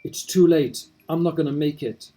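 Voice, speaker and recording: A man's voice: on the high side, lightly acted. A man voicing Talia, a dying tender woman. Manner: soft, pleading, slowing into hushed lines. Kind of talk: reading game dialogue aloud.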